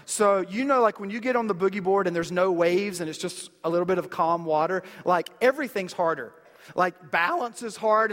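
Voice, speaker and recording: A man in his thirties delivers a church sermon with a relaxed, conversational feel. He keeps his voice fairly high, and he often turns to his listeners with questions. A long echo from the big hall trails after his words. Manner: conversational preaching with illustrative stories and rhetorical questions. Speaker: pastor. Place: church sanctuary.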